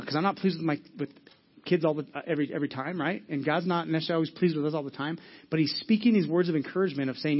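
A man in his thirties preaching a sermon as a pastor, in a conversational way, often repeating words and swinging between loud and soft. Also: a little high, dull audio.

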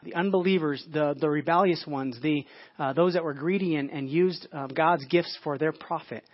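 A man's voice: a little high, normal speed, dry recording, highs cut off. A man delivering a sermon as pastor, in a conversational preaching manner, with frequent restarts and casual asides.

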